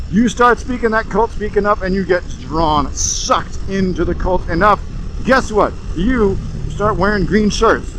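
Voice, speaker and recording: A man with a high-pitched voice talks through a casual comedic monologue while driving. He is sarcastic and animated, and he works himself up as he goes. A faint hum of road noise sits under his voice. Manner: sarcastic, animated, gets worked up. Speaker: host. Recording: road noise from a moving car.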